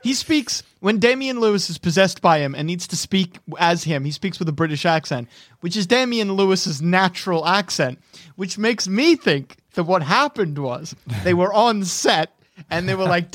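High-voiced man, dry sound. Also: expressive, moderate pace, a bit bright, dry recording. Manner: incredulous, jokey, acts out characters in asides. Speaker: podcast co-host. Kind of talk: casual film discussion.

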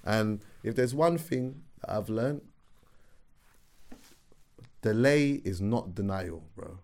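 Animated man telling a story. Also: slow pace, gravelly. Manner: animated storyteller, voice climbs high and loud when excited. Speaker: podcast co-host. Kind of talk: casual storytelling chat.

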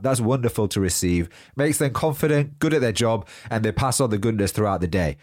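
A man's voice: medium pitch, animated, darkish tone, no echo, clean studio sound. Nasal, congested man. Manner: upbeat and encouraging despite pauses for breath. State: blocked nose, out of breath. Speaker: podcast host. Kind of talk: solo motivational podcast talk.

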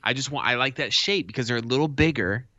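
A man co-hosting a podcast, telling a story in a casual, animated way and swearing freely. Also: mid-range voice, fast talker, no room sound. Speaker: podcast co-host. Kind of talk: casual chat. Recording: dull lo-fi sound.

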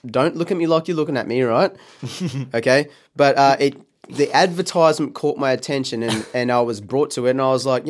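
A man's voice: mid-range voice, a little fast. A man telling a comic story on stage, rambling and hesitant, interrupting himself as he goes. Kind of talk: stand-up comedy bit.

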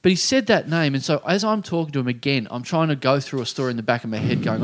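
A man's voice: on the high side, very animated, fast, few pauses. A man with an Australian accent, a podcast co-host telling a rambling anecdote in casual chat, swearing freely and acting out other people's lines.

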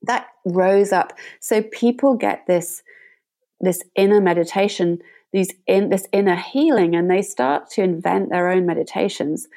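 A woman meditation teacher, a guest in an interview, telling a story in a gentle and reflective way. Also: fairly low pitch, gravelly.

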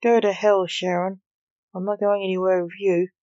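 A woman's voice: medium pitch, little pitch movement, normal speed, warm tone, no echo, lightly acted. A mocking, defiant young man, as a woman reads him, taunting with cheek. It is a storybook reading in a dry, dull lo-fi recording.

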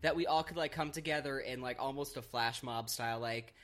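A man's voice: medium pitch, fairly quick, fairly bright tone. A man co-hosting a podcast in casual chat, sleepy after a late night and rambling with many fillers. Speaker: podcast co-host.

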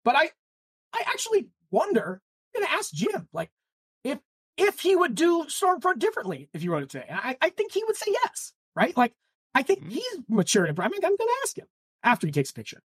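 A woman's voice: high-pitched, wildly swooping pitch, brisk, no echo, clean studio sound. A woman co-hosting a book podcast in casual chat, full of "like" and restarts. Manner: chatty, lots of "like" and restarts. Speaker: podcast co-host.

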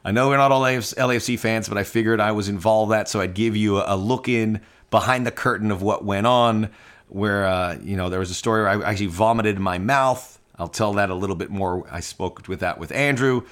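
A man hosting a soccer podcast, telling a heartfelt personal story with animated quoted dialogue. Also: fairly low pitch, brisk. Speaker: podcast host.

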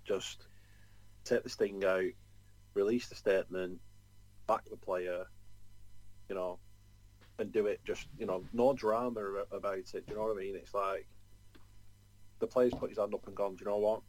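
A man's voice: fairly low pitch, steady tone, normal speed, long pauses, a little mellow, rough recording. A man co-hosting a football podcast, talking in a loose, chatty way full of "you know" asides. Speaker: podcast co-host. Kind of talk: casual chat.

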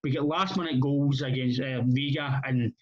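A man's voice: medium pitch, moderate pace. A Scottish man in casual football chat, blunt and rambling, swearing freely with many restarts. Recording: muffled lo-fi audio.

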